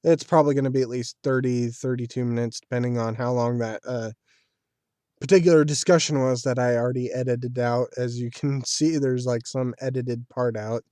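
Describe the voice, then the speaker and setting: A man's voice: mid-range voice, fairly even intonation, normal speed, mellow, dry recording, studio quality. A man giving casual solo commentary as a video creator, talking in a chatty, rambling way like a fan. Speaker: video creator reviewing an anime series.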